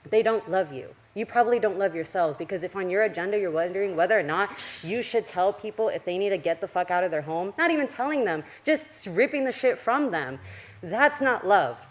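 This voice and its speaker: A woman's voice: medium pitch, expressive, fairly quick. An agitated woman giving a blunt, profane public comment at a council meeting, her heart racing with anger. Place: council chamber.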